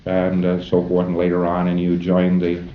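A low-voiced man lectures a class of trainees in a folksy style, chuckling now and then and acting out brief tutor-and-student exchanges. His delivery is completely flat at a moderate pace, heard over background noise on a roomy, dull old lecture tape.

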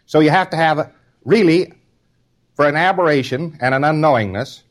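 A man's voice: a little high, moderate pace. A man delivering an informal spoken lecture in a conversational, wry manner, now and then acting out short quotes.

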